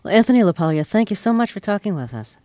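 Woman host asking curious amused questions, mid pitch, dead dry studio. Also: very animated, fast, mellow, no echo. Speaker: interviewer host. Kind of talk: radio interview.

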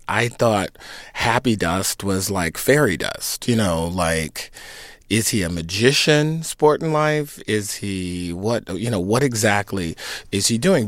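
Man, fifties, low pitch, interview answers, reflective, lots of fillers, dry close recording. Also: fairly bright tone, no echo. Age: 50s. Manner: reflective, conversational, many fillers and restarts. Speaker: actor and singer in an opera production.

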